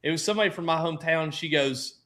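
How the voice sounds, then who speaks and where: A man with a bright, forward voice sitting a little higher than most, spinning loose, animated stories on a casual roundtable. He slips into other people's voices as he retells their lines. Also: fast. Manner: animated storyteller acting out quotes. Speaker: podcast panelist.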